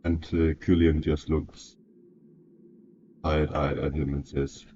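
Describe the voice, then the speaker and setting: A man with a low, mellow voice thinks aloud through a solo tabletop game, hesitant and self-correcting. He talks slowly, and the recording is dull and lo-fi with a faint hiss. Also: flat delivery.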